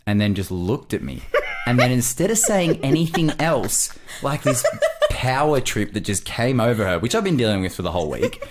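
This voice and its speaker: A man, co-hosting a podcast and telling a story in a jokey, deadpan way. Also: mid-range voice, moderate pace, noisy background. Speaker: podcast co-host. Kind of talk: casual storytelling chat.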